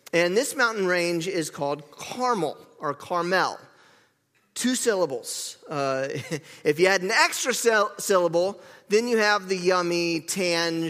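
A man's voice: high voice, pushed and bright, long reverb tail. A man preaching a sermon, chatty and self-correcting, joking with the congregation. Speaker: pastor. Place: church sanctuary.

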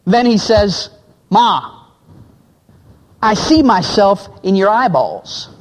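High-voiced man preaching in an echoing hall. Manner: acts out quoted voices, drops low for men's lines. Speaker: pastor. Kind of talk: sermon illustration storytelling.

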